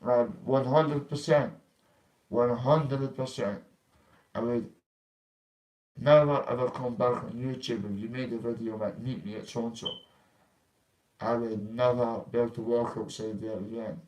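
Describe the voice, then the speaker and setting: Vlogger, young man, blunt and confrontational, swears freely, mid pitch. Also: steady tone, normal speed, darkish tone, low-quality recording. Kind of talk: casual ranting vlog.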